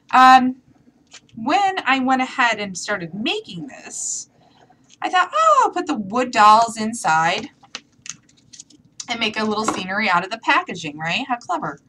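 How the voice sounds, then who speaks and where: A woman demonstrates a craft project in a casual live tutorial, chatting to viewers as she works. Her voice is a little high, bright, and forceful, with big pitch swings at a normal speed, and there's slight background noise.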